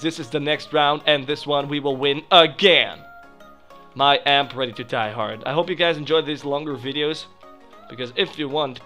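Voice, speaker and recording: A young man commentating a video game he is playing, chatting to viewers and yelping loudly whenever something goes wrong. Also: medium pitch. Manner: excitable, yelps and shrieks when startled. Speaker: gaming channel host. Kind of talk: let's play commentary.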